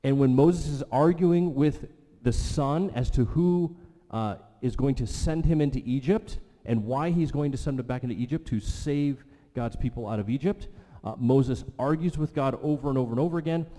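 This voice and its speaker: A male pastor preaching a sermon, telling the story vividly and dropping his voice low for emphasis. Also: normal speed, dark tone. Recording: long hall reverb.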